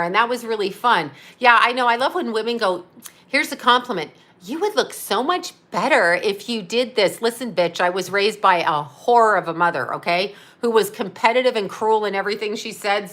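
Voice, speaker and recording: A woman's voice: medium pitch, bright, forceful tone. Blunt, profane woman in her fifties. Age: 50s. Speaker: psychic medium hosting a live stream. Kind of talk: casual live-stream chat reading viewer comments.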